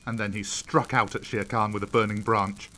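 A man narrating a storybook in an expressive reading voice. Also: on the low side, normal speed.

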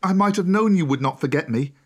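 A man's voice: high-pitched, animated, brisk, pitched above the performer's own voice. A man doing an eager wolf-raised boy. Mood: commanding. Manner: eager commanding calls. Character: young boy raised by wolves, bold.

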